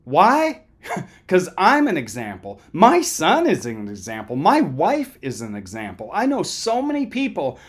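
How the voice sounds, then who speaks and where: A man's voice: on the high side, huge pitch swings, unhurried. A middle-aged man giving an earnest, conversational motivational lecture on recovery, often checking in with listeners. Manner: earnest, conversational, addresses listeners directly with "right?".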